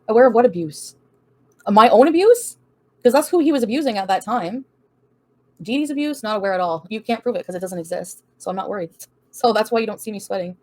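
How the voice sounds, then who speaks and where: A woman's voice: medium pitch, dark tone. A woman hosting a casual livestream, reading out and answering viewer comments in a blunt, profane, defiant way, laughing often. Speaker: livestream host answering chat.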